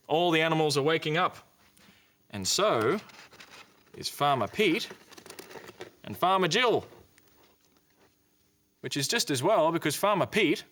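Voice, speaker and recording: A man presenting a children's TV show, gently telling a story with toys and playing with animal sounds. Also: medium pitch. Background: guitar music.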